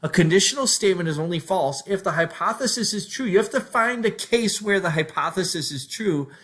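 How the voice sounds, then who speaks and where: A man with a slightly higher voice talks through a math lesson. He sounds conversational, thinking aloud as he works through examples for his class. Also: expressive, a little fast, a bit bright. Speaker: teacher.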